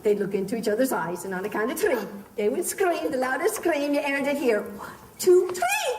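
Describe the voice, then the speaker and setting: A woman's voice: high-pitched, brisk, a little hiss or hum. A woman leading children through an interactive pirate story, playful and theatrical, coaxing them along with pet names. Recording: echoey room, picked up from a distance.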